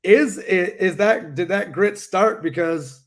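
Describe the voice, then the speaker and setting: Male host with a high voice, eager, interrupts with questions. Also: slow. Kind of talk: interview conversation.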